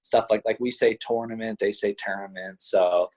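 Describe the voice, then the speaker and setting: A man's voice: lowish voice, moderate pace, darkish tone, husky. A young man from western Pennsylvania with a Pittsburgh accent blended with Midwest speech, chatting modestly as an interview guest with lots of "you know" and "like". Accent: Pittsburgh mixed with Midwest. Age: young adult. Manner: easygoing, modest, filler-heavy with many "you know" and "like". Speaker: college wrestler guest. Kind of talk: casual interview chat.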